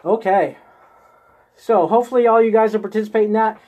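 A man's voice: sits high, quick pace, a little mellow, highs cut off. A man hosting a live-streamed spiritual coaching session, guiding viewers step by step through an inner exercise and checking in with them constantly. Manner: coaxing, checks in constantly with "okay?" and "right?". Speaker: host of a live group session.

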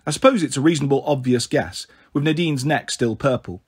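Husky-voiced male storyteller. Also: mid-range voice, a little fast. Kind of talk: reading a novel aloud.

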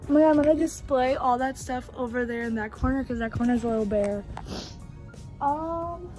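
A young woman with a high voice talks to her camera at home in a loose, casual vlog. She gushes easily, fills her talk with "like" and swears offhandedly. Faint music plays softly behind her. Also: normal speed. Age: young adult. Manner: chatty and gushing, swears casually, many "like"s. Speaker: vlogger.

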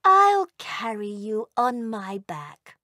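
A woman voicing a kind, protective mother dragon in a storybook reading, with slow, motherly coaxing. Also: high voice, big pitch swings, dry recording, clean studio sound, pitched above the performer's own voice, full character voice.

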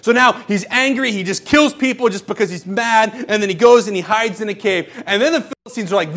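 A man preaching a sermon in a church, retelling a story in a casual, animated way and acting out the people in it. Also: sits high, brisk, few pauses. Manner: storytelling, acts out quoted characters casually. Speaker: pastor.

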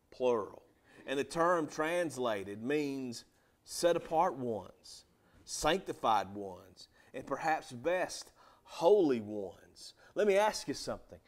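A man preaching a sermon in church, swinging between loud emphatic rises and soft drops, and asking the congregation direct questions. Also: mid-range voice, animated, slow pace. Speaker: pastor.

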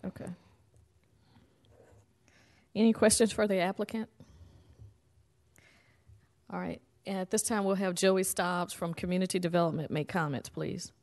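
Woman city administrator, lowish pitch, chairs a public hearing in a measured, procedural tone. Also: fairly even intonation, darkish tone. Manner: measured, reads items out slowly. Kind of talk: formal public meeting procedure.

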